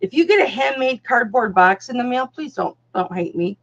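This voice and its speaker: A woman's voice: fairly high pitch, lively intonation, moderate pace. A woman hosting a live online jewelry auction, chatting casually and calling viewers darling, honey and doll. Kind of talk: casual live-stream selling chat. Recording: dull lo-fi sound.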